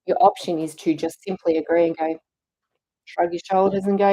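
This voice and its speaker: Earnest woman coaching in a mellow voice. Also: on the low side, fairly even intonation, normal speed, poor audio. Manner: earnest, encouraging, acts out self-talk. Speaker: fitness and mindset coach. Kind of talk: motivational talk to a challenge group.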